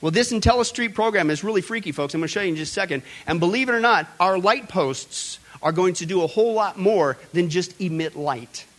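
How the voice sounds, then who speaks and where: A man with a high speaking voice hosts a commentary show. He preaches emphatically and keeps calling out to his listeners in a folksy way. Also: expressive, a little fast, hardly any pauses, a bit bright. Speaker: host. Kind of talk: preaching commentary on current events.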